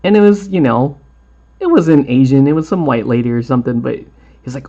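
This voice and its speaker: A man's voice: mid-range voice, a little slow, creaky, long pauses, a little mellow, highs cut off. A man hosting a miniature painting tutorial, chatting in a rambling way and laughing often. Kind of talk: casual chat while painting a tutorial.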